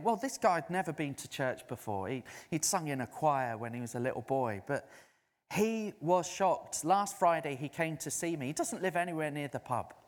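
Animated preacher in a reverberant hall. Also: male voice, sits high. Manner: storytelling, animated, quoting others in raised voice. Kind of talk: sermon.

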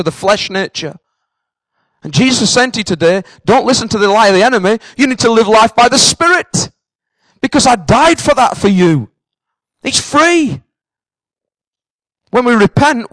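The voice is very high-pitched and a bit bright: a Northern English pastor from northern England preaching earnestly and directly at a church in Cambridge, often repeating himself to drive points home. Rough recording, no echo.

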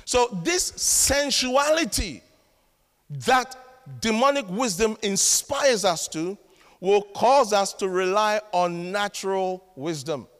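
High-voiced man preaching in an echoing hall. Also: takes it slowly. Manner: emphatic preaching with sudden loud outbursts and dry asides. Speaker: pastor. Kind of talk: sermon. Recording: long reverb of a large hall.

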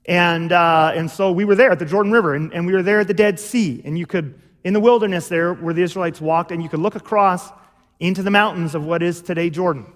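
Male pastor, high voice, sermon delivery, explanatory, lingering hall reverb. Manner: explanatory, repeats "okay?" to check understanding. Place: church.

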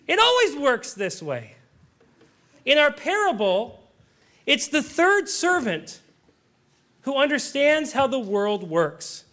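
High-voiced man preaching a sermon. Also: wildly swooping pitch, slow, long pauses, pushed and bright. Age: adult. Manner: earnest preaching with joking asides. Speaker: pastor.

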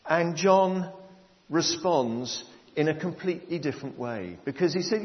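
A man preaching a sermon, explaining a Bible passage to his congregation in a measured way. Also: on the high side, expressive. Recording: long hall reverb, dull lo-fi sound.

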